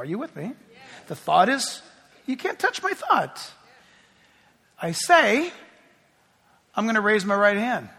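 A man's voice: sits high, vocal fry, sharp tone, long reverb tail. A middle-aged man preaching a sermon as pastor, telling chatty stories with self-deprecating humor.

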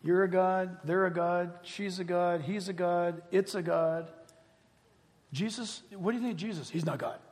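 Pastor preaching, high voice, takes it slow, long reverb in the church. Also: male voice. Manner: animated storytelling, breaks into laughter. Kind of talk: sermon.

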